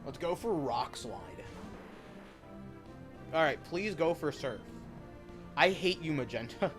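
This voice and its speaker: A young man with a slightly high voice chats loosely over a game, wandering off into opinionated tangents and swearing freely. Soft game music runs quietly underneath him. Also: expressive, takes it slowly. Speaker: gaming streamer. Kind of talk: casual gameplay commentary.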